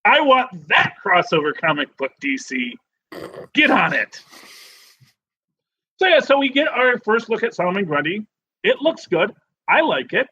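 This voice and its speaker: A man co-hosting a podcast in casual chat, rambling and animated with many restarts. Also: high voice, measured pace, long pauses, husky, dull audio. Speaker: podcast co-host.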